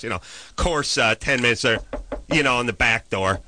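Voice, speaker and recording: A man telling a comic story as a profane, exasperated rant that swings into loud shouted bits. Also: mid-range voice, brisk.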